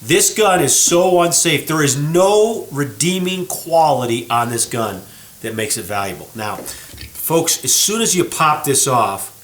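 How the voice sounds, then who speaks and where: A gunsmith shop owner hosting his show speaks at a measured pace in a fairly high voice, recorded in an echoey workroom with slight background noise. He walks viewers through flaws on a gun in casual, folksy chat, animated and addressing them as folks.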